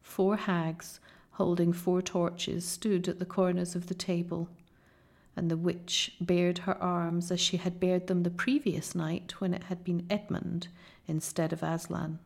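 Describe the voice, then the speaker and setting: A woman narrates a children's fantasy novel in an unhurried, carefully paced delivery. Her voice sits on the lower side with a gravelly fry at phrase ends. She tells the story with measured drama. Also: little pitch movement, a little mellow. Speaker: audiobook narrator. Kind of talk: audiobook reading of a children's novel.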